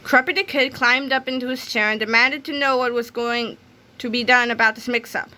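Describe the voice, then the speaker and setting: Bright-voiced woman reading a storybook. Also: on the high side, fairly quick. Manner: lively storytelling. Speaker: read-aloud narrator. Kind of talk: children's book read-aloud.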